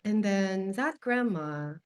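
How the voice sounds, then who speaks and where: A woman guest on a podcast telling a personal anecdote in a lively, candid way, swearing casually and openly admitting when it moves her. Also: mid-range voice, slow pace, clean tone. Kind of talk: conversational storytelling.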